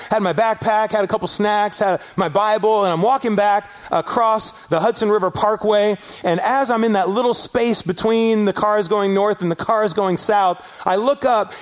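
A middle-aged man from Los Angeles preaching a sermon as pastor, telling a story with animated rises and shouted peaks. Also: sits high, moderate pace, few pauses. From Los Angeles area, US.

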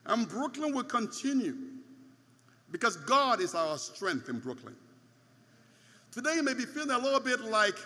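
A man's voice: very high-pitched, bright, forceful tone. A man preaching a sermon, stressing points by repeating phrases, heard in a large church hall. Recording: long hall reverb.

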